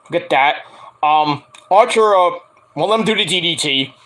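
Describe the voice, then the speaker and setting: A man's voice: on the high side, a little slow, rough recording. A man giving a casual, profane wrestling recap, acting out quotes with lots of ums. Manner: animated, acts out quotes, frequent ums. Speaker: wrestling reviewer.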